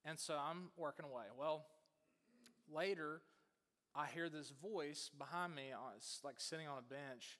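A man preaching, telling a story in a casual, animated way with many fillers. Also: fairly high pitch, a little slow, in a large hall. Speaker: pastor.

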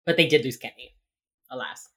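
A woman with a notably low voice talks through a TV episode in casual podcast chat. She tells it with animation, slipping into the characters' lines and swearing casually. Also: a little fast. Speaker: podcast co-host.

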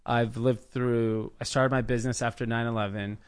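A man in his thirties from the Los Angeles area, a podcast guest telling his business story in a casual, animated way, acting out the people he quotes. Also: mid-range voice, moderate pace, clean tone. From United States, Los Angeles area. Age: 30s. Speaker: podcast guest, clothing brand founder.

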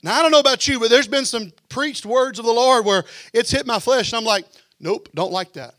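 High-voiced fervent preaching pastor. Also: male voice, fairly quick, dry recording, clean studio sound. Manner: fervent preaching, building to shouts, then dropping low. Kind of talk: sermon.

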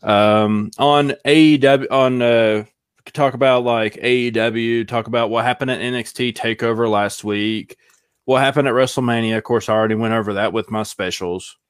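A man's voice: medium pitch, fairly even intonation, moderate pace, smooth, no room sound, clean studio sound. A man co-hosting a casual podcast, talking in an easygoing way and chuckling often. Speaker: podcast co-host and show producer.

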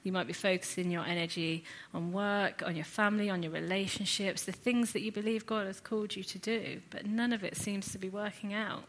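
A woman teaching a sermon series, retelling a scripture story in an earnest, reflective way with lively asides. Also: mid-range voice, a little fast, few pauses, a little hiss or hum. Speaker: Bible teacher.

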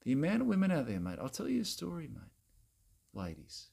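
A man doing a gravelly Australian bloke. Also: a little high, wildly swooping pitch, brisk, darkish tone, full character voice. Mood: preachy rant. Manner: rambling, repetitive, peppers every phrase with mate and bloody. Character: crude self-righteous Australian bloke lecturing women. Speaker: comedy character monologue. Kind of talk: satirical rant to camera.

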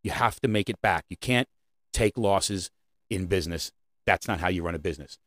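Deep-voiced and brisk, this man hosts a podcast recorded with no room sound. His rant is casual and animated, full of repeated "right?" check-ins, with swearing now and then.

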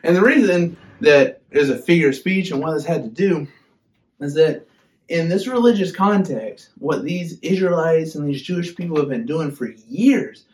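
A young man giving a casual, humorous sermon as a youth pastor, chatty and animated. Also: fairly high pitch, normal speed.

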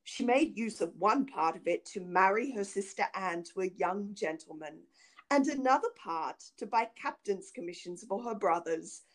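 A woman narrating an old fairy tale in an expressive, dramatic reading. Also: medium pitch, normal speed. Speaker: reader. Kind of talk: storybook narration.

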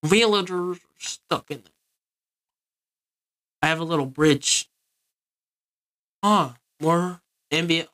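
A man's voice: on the high side, sharp tone. Easygoing man rambling over gameplay. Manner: rambling, easygoing, talks to viewers. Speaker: gaming video creator. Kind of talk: casual gameplay commentary.

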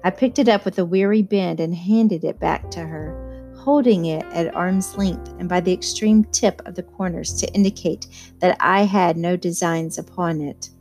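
A woman reading a novel aloud in first-person narration, measured and even. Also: fairly low pitch, soft background music. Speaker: audiobook reader.

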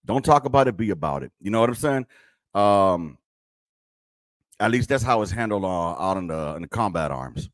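A blunt military veteran hosting a casual podcast, his voice sitting fairly low. He cusses freely and uses service slang as he reacts to clips. The sound is dry and close, with little room around it. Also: fairly bright tone, no room sound. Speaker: podcast host.

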